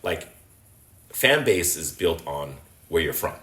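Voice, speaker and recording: An American man from Los Angeles, a sports host, telling stories in a casual interview. He talks in an animated way, full of fillers, and acts out the shouts of fans. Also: extremely low pitch, takes it slowly, roomy sound. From Los Angeles, USA. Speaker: guest, sports host and entertainer.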